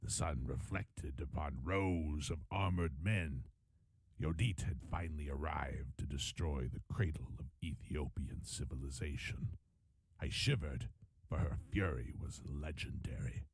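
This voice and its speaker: A man's voice: slightly rough, no room sound, heavily acted. A man voicing an old, lean, one-eyed merchant and war veteran, speaking with a leathery voice in a solemn, grave manner for a game cutscene. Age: older. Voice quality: leathery, low and slow.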